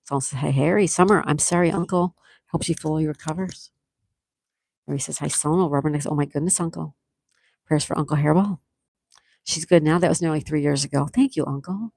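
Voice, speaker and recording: A woman with a low, gravelly voice and a Buffalo, New York accent hosts a relaxed live stream, speaking briskly. She reads viewers' comments aloud and answers each one chattily, and the recording is dry and close with no room sound.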